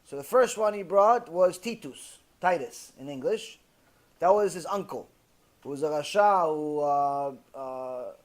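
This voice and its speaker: A man preaching as a rabbi, retelling a story with passion and frequent fillers. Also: fairly high pitch. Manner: impassioned, many fillers. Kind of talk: sermon storytelling.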